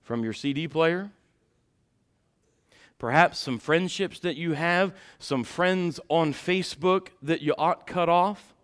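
Male pastor, high-pitched voice, folksy sermon delivery that rises to shouted peaks. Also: slow. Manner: swings from soft asides to loud shouted preaching; folksy, addresses the congregation directly.

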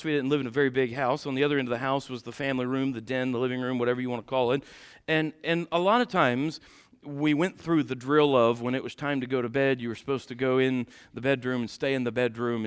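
A man preaching a sermon in a church and telling a personal story in an animated way, laughing along with the congregation. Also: medium pitch, clear, resonant tone. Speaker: pastor. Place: church sanctuary.

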